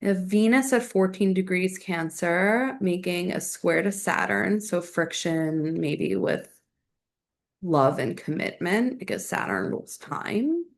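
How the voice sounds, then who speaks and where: A woman's voice: fairly low pitch, sing-song, takes it slowly. A young adult woman hosting a solo astrology podcast, chatting casually and thinking aloud with lots of fillers.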